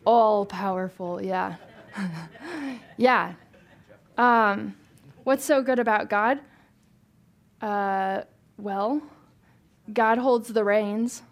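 A woman's voice: on the high side, drawn-out words, pauses often. A young woman leading a casual Bible study, talking informally, asking the group questions and laughing easily.

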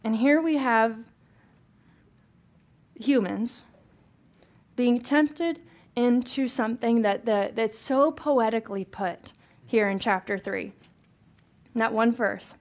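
A woman's voice: fairly high pitch, takes it slowly, pauses often. A young woman leading a casual Bible study, talking informally, asking the group questions and laughing easily.

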